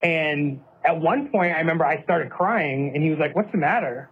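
A man tells his own story in an earnest, steady way, quoting what he and others said. His voice sits a little high for a man and comes through a narrow, tinny line like a phone call. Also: normal speed, breathy edge. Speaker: interviewee recounting events. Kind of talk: personal account, clip played on a podcast.

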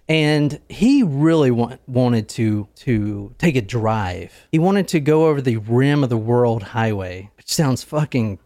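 A man's voice: mid-range voice, expressive, takes it slowly, few pauses, warm tone, no echo, studio quality. A young man hosting a podcast, telling a true crime story casually, joking and swearing. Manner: joking, swearing, laughs often. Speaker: podcast host.

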